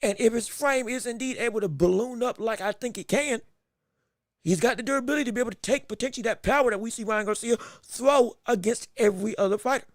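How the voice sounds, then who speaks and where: A man hosting a live boxing podcast, talking casually and getting excitable, repeating words when he gets flustered. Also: extremely high pitch, fast talker, dry recording, studio quality. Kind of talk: casual live-stream commentary.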